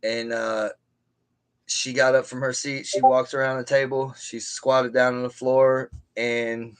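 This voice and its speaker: A man's voice: medium pitch, level tone, measured pace, smooth. A man on a live stream telling a story from his own life in a casual, rambling way, with many restarts and side remarks. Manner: rambling, with frequent restarts and asides.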